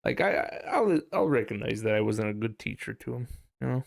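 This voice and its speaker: A young man hosts a podcast and talks through a heated, swearing rant that breaks into laughs. His mid-range voice has a gravelly edge. The sound is close and dry, with no room in it. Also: mid-range voice, brisk, no echo. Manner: profane, animated ranting with frequent laughs. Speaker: podcast host. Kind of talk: casual ranting chat.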